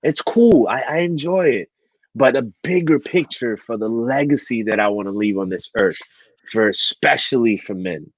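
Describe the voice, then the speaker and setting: A man telling a motivational story at an online event, animated and acting out the dialogue as he goes. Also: medium pitch, normal speed, dry recording. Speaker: speaker at a men's online event.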